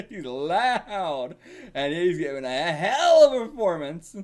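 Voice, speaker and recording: A man's voice: on the high side, slow. Giggly man reacting to a manga. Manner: giggly, excitable, often laughing. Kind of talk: casual reaction commentary reading manga aloud.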